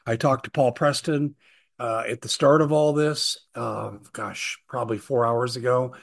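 A middle-aged man hosting his own show, talking urgently and earnestly, hoarse from talking all day. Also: mid-range voice, steady tone, measured pace. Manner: urgent, earnest, reading out posts. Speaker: host. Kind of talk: solo show monologue.

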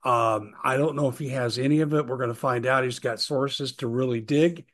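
A middle-aged man hosting his own show, talking urgently and earnestly, hoarse from talking all day. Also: medium pitch, steady tone, normal speed, fairly bright tone. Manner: urgent, earnest, reading out posts. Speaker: host. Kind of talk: solo show monologue.

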